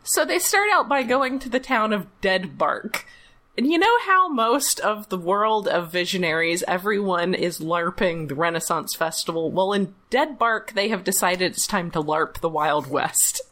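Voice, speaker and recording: A woman hosts a relaxed chat and retells what happened in an episode. She talks loosely, with plenty of fillers and frequent laughter, at an ordinary pitch. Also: normal speed. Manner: chatty, laughs often, many fillers. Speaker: podcast host. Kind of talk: casual recap chat.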